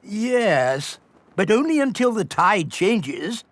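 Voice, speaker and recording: A woman's voice: mid-range voice, sing-song, slow, no echo. An actress voicing a cheerful, stubborn old male pig grandfather in a cartoon, hearty and self-assured. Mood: jolly.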